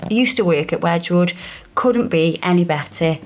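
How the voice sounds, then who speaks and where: A woman's voice: on the low side, normal speed, a little hiss or hum. A woman with a Stoke-on-Trent Potteries accent, chatting and laughing as she hosts a nail art video. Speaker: nail artist and channel host. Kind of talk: casual chat while doing nails.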